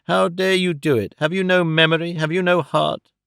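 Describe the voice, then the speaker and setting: A man's voice: a little high, level tone, gravelly, fairly bright tone, clean tone, no room sound, studio quality. A man reading an audiobook voices a frail old man whose trembling voice turns fierce and indignant. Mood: indignant scolding. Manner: slow, earnest, protesting.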